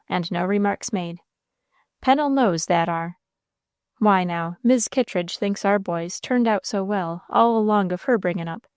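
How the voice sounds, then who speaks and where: A woman voicing a gruff but kindly old male sea captain who talks in a slow, folksy rural dialect with a confidential tone. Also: medium pitch, a little mellow, no room sound, studio quality, natural voice.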